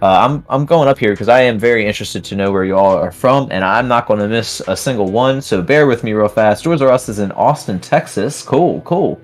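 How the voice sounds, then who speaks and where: A man with a fairly low voice hosts a live stream and chats loosely with viewers, reading their comments and laughing between them. Faint music plays under his talk. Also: animated, brisk, hardly any pauses. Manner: chatty, laughs often, reads names aloud. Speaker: livestream host.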